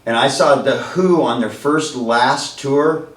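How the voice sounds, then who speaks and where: A man's voice: medium pitch, slow. An older man hosting a comedy show, chatting with the crowd and introducing comics. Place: comedy stage. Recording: roomy room from far off.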